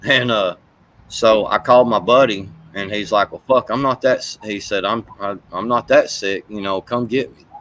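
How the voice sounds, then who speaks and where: A man's voice: on the low side, normal speed, a bit bright, poor audio. A man telling a heated, profane, rambling story in casual chat.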